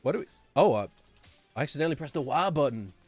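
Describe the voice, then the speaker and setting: A man's voice: a little high, lively intonation, quick pace, faint music behind. A man streaming a game, rambling and sarcastic, chuckling as he talks. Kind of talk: casual gameplay commentary.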